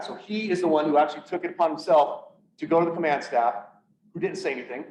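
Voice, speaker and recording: A man giving an earnest personal talk to an audience, halting at times and restarting his sentences. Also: fairly high pitch, darkish tone, slight background noise. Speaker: public speaker on PTSD. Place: event room, speaking to an audience. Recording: echoey room, voice from far off, dull sound.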